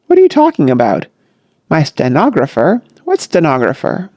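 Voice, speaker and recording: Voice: medium pitch, huge pitch swings, moderate pace, a little mellow, no echo, clean studio sound. A narrator doing a spluttering irritable old rich man. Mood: bewildered. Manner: spluttering exclamations. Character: wealthy older man, irritable and excitable.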